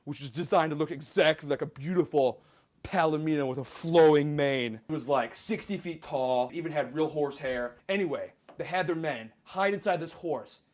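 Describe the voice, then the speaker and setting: A man hosting and telling a Bible story for laughs, rambling with lots of "like" fillers and absurd asides. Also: on the high side. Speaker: storyteller host.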